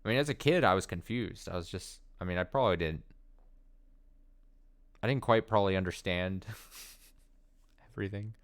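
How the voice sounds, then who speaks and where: A let's player with a deep voice gives casual commentary while reading through a story game, speaking at a moderate pace with frequent pauses. He rambles, swears, and pokes fun at himself.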